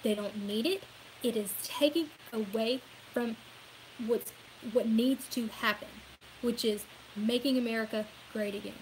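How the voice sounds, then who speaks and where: A woman's voice: sits high, a little hiss or hum, low-quality recording. A woman from Louisiana with a Southern accent, talking earnestly and rambling a bit in a casual opinion vlog, often saying y'all. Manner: rambling, earnest, says y'all, laughs at herself. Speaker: political vlogger.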